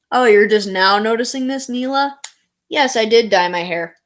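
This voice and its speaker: A woman's voice: on the high side, a little hiss or hum. A woman streamer chatting casually, rambling and answering her viewers. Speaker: live streamer. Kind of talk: casual live stream chat.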